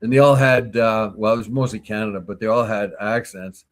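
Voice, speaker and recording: A man co-hosting a morning talk show, telling stories and giving opinions in a casual, animated way. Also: on the low side, brisk. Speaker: co-host. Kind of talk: casual chat.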